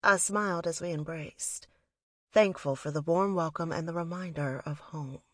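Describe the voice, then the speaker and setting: A woman's voice: low voice, moderate pace, dry recording, studio quality. A woman reading a first-person story aloud in a reflective, wistful manner. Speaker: audiobook narrator. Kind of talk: first-person scripted narration.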